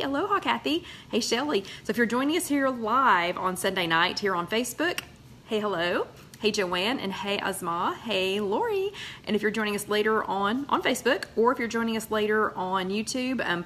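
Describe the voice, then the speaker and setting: A woman's voice: medium pitch, fairly bright tone, a little hiss or hum. Chatty woman greeting viewers. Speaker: host of a live weight-loss chat. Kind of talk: casual live-stream chat. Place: loft at home.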